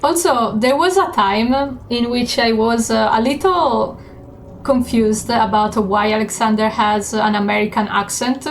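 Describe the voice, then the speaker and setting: Game streamer: a woman with a slightly high voice, slow, chatty delivery full of fillers, faint background hiss. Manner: chatty, unhurried, with many fillers and little laughs. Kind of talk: gaming stream commentary.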